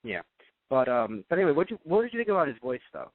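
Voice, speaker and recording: A young man hosting a casual review chat, rambling and animated. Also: mid-range voice, fast talker, no echo. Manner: animated, rambling, slips into mocking impressions. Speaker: podcast host. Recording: dry, tinny phone-like sound.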